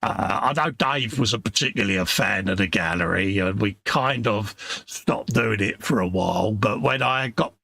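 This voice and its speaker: A man's voice: on the low side, moderate pace, vocal fry, few pauses, sharp tone, no echo. A middle-aged man co-hosting a casual hobby livestream, joking with his partner and reading out chat comments. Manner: jokey banter, reads out chat comments. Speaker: livestream co-host.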